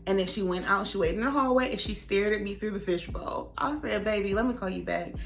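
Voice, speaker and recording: A young woman vlogger telling a story in a casual, animated way, acting out the other people's lines. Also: mid-range voice, fast talker, few pauses, soft background music. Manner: animated, dramatic retelling with voices for others.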